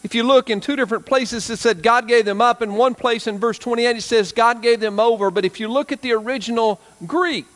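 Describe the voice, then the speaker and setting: Southern drawl preacher guy, kinda high voice, goes big and loud then real quiet and slow. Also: long reverb tail. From South Arkansas, USA. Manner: preaching with emphatic swells and hushed, slow drops. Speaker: pastor. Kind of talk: sermon.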